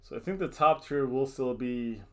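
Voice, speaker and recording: A man's voice: medium pitch, moderate pace, a bit bright. A man hosting a casual podcast, talking through his wrestling predictions in a rambling, offhand way and often correcting himself. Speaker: podcast host.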